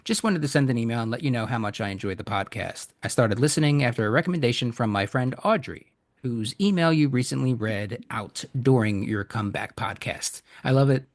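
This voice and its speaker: Chuckling male podcast host, mid-pitched. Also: expressive, a little fast. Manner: chuckling, self-deprecating, restarts often. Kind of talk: casual chat, reading a listener email aloud.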